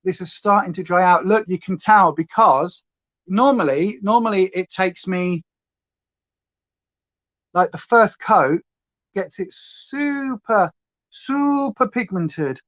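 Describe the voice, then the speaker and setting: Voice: mid-range voice, lively intonation, slow, long pauses, fairly bright tone. A livestream host with a Northern English accent chats casually while putting on makeup. The talk rambles from tangent to tangent in a loose, chatty way. The recording sounds a little dull and lo-fi.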